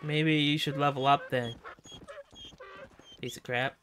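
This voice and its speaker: Bright-voiced man joking while gaming. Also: a little high, steady tone, slow pace, slight background noise. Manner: joking, teasing, laughs often. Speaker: streamer and host. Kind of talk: casual gaming chat with friends.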